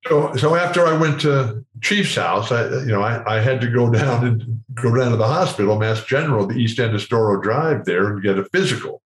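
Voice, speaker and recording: An older man spins an animated anecdote as an interview guest, slipping into the voices of the people in it. His voice sits at an average pitch and carries a roomy echo. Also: fairly quick, few pauses. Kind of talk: storytelling in an interview.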